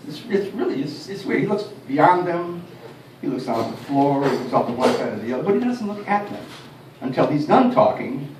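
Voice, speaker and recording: A man's voice: fairly high pitch, slight background noise. Detroit-born male stand-up, chatty and self-deprecating, heard from afar with faint ambience. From Detroit, USA. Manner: chatty, self-deprecating, chuckling at own jokes. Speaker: stand-up comedian. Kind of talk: stand-up comedy routine. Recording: roomy, distant mic, faint ambience.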